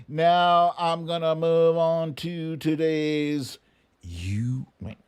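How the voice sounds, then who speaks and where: Animated ranting male livestream host. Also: fairly high pitch, drawn-out words, clean tone. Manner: ranting, profane, sarcastic. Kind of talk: livestream political commentary.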